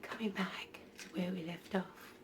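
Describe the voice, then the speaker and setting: Hesitant woman, low voice. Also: fairly even intonation, a little slow, noisy background. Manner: hesitant, many ums and restarts. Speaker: spiritual vlogger. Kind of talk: casual storytelling vlog. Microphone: phone.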